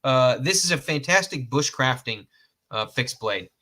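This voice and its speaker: A man's voice: mid-range voice, animated, measured pace, sharp tone. A man from Georgia, hosting a casual gear review in a rambling, self-correcting way, laughing at his own jokes and cursing mildly. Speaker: host reviewing outdoor knives.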